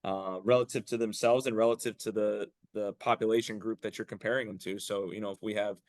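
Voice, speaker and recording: A man's voice: on the low side, fairly even intonation, a little fast, dry recording. A man answering as a coaching guest, analytical, often restarting and repeating words. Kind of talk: interview answers.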